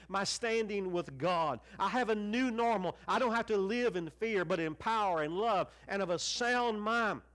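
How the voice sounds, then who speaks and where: A middle-aged man preaching a televised sermon, fervent, swinging from raised exclamations down to hushed, quiet lines. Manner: fervent preaching with wide swings in pitch and loudness, dropping to near-hushed lines. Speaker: pastor.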